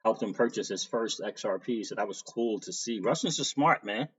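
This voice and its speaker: A man's voice: fairly low pitch, lively intonation, moderate pace, fairly bright tone, slightly rough, lo-fi sound. Laid-back man greeting stream viewers. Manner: reads out viewer names and greets them, laughs often. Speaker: crypto livestream host. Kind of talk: casual livestream chat.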